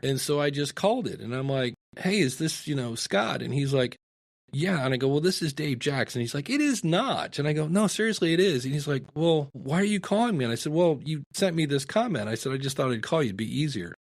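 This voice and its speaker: A man's voice: medium pitch, brisk, vocal fry. A middle-aged man from Ohio, a podcasting guest, telling stories in a casual interview and acting out the dialogue in them. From Ohio, USA. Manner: animated storyteller, acts out quoted dialogue.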